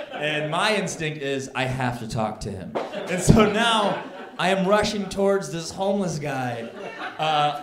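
A man doing stand-up comedy, telling a story and shouting his punchlines. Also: high voice, background noise. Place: comedy club with live audience. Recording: echoey club, crowd laughing.

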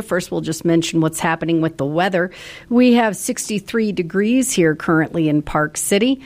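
A woman with a Chicago accent hosts local radio and chats easily through the weather and the music. Her tone is friendly and relaxed. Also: mid-range voice. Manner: friendly, chatty. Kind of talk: casual radio announcing.

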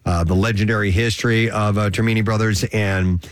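A man with a fairly low voice hosts a radio show, rambling through stories in an easygoing way with plenty of "uh"s. He sounds close and dry in a studio, with no room echo. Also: fairly even intonation, fairly quick. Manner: rambling, easygoing storytelling with many fillers. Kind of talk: casual studio chat.

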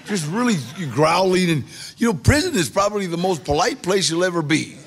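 A man in middle age telling a personal story in a casual, animated way, acting out the voices of people he quotes. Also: high voice, a little fast. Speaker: guest storyteller.

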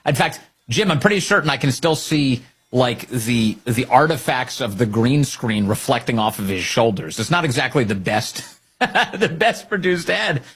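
A man's voice: medium pitch, animated, moderate pace, fairly bright tone, husky. A middle-aged man hosting opinionated political commentary, sarcastic and mocking, laughing often.

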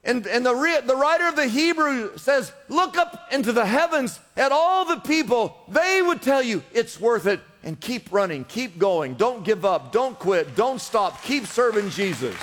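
A man's voice: very high voice, expressive, measured pace, hardly any pauses, fairly bright tone, long reverb tail, soft background music. A man preaching a sermon as pastor, urging his congregation on with emphatic, repeated exhortations. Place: church in Los Angeles.

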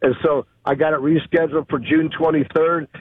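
A man's voice: on the high side, level tone, fairly quick, a little hiss or hum. A man phoning in to a radio show, telling a chatty, rambling story. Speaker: caller. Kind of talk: phone-in call to radio show. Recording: phone line.

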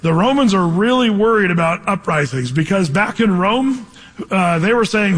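A man's voice: sits high, lively intonation, moderate pace, a bit bright, in a large hall. A man preaching a verse-by-verse sermon, reading scripture aloud and putting questions to the congregation in a conversational way. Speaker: pastor teaching a Bible study.

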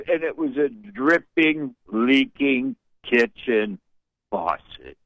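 A man's voice: medium pitch, very animated, slow pace, dry recording. Older folksy male caller, muffled line. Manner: folksy, rambling, colorful sayings. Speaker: radio caller. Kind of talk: call-in talk radio.

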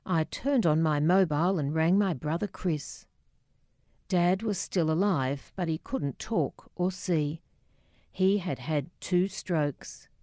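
A woman reads her own memoir in a reflective, measured voice with a wry edge. Her pitch sits low and she takes her time. The studio recording is close and dry. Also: dark tone, no room sound. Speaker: narrator. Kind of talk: memoir audiobook narration.

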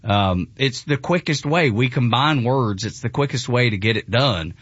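A man's voice: mid-range voice, animated, normal speed, fairly bright tone, no room sound, highs cut off. A man with a Southern US accent, hosting a casual chat, enthusiastic and often laughing. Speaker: show host.

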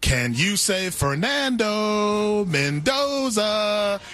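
Animated, high-voiced sports analyst man. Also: drawn-out words, soft background music. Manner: animated, showy sales-pitch delivery. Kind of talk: hyped game preview segment.

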